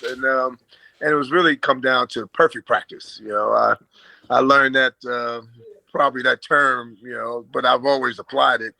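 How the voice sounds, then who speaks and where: Older man with a gravelly voice. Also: mid-range voice, dry recording, low-quality recording. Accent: American with a slight Australian twang. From Brooklyn, New York. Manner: relaxed and chatty, with many fillers and chuckles. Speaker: guest, former basketball player. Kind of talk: casual storytelling in an interview.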